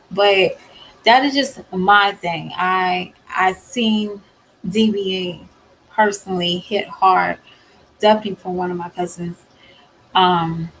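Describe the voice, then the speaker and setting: A woman's voice: fairly low pitch, fairly bright tone, poor audio. A woman vlogger talking candidly to camera, emphatic and blunt, with many fillers and repeated firm refusals.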